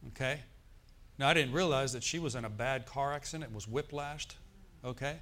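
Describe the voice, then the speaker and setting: Male pastor, middle-aged, sermon in church, emphatic storytelling, mid-pitched voice. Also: normal speed. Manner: storytelling preacher, emphatic with bursts of loud exclamation.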